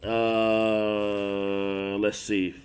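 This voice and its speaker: A man preaching a sermon over a phone livestream, reading scripture with heavy drawn-out stresses and chatting with viewers. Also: lowish voice, monotone, clean tone. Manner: emphatic, drawn-out stresses, chats with viewers between verses.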